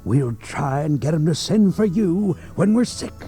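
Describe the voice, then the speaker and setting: A man's voice: fairly high pitch, lively intonation, a little slow, warm tone. An actor playing an old male swindler, who fakes grief in a theatrical, preaching manner in a radio drama. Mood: smarmy. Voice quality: pompous, theatrical preaching delivery. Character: old male swindler posing as a grieving English brother.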